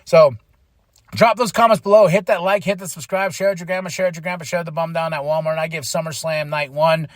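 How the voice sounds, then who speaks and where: A man hosting his own podcast, giving a casual, excitable solo review, breaking into laughter and acting out his reactions. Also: on the high side, quick pace, no room sound. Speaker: podcast host reviewing a wrestling event.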